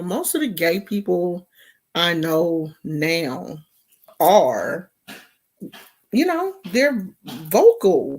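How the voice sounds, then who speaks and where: A woman from California giving casual gossip commentary in a slangy, mocking, rambling way. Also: lowish voice. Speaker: vlogger.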